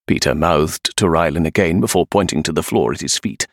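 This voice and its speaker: A man narrating an adventure story in an expressive, animated way. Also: a bass voice, normal speed, gravelly, hardly any pauses, no room sound, clean studio sound. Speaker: audiobook narrator. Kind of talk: scripted narration.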